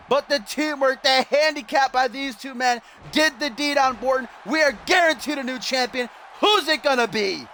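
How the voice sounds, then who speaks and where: A man giving excited, shouty play-by-play commentary on a wrestling video game, swearing and getting out of breath. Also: very high-pitched. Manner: shouty, swearing, animated, mock wrestling-announcer delivery.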